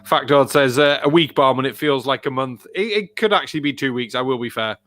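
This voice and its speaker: A man hosting a casual chat show, playful and quick to giggle. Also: medium pitch, fairly bright tone, no echo. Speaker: podcast host.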